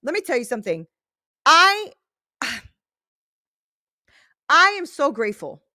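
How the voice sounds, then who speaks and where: A woman's voice: high voice, big pitch swings, slow pace, sharp tone, no room sound, clean studio sound. A woman in her thirties hosting a faith-based podcast, talking casually and earnestly, often checking in with "right?". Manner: earnest, emphatic, often tag-asks "right?". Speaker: podcast host.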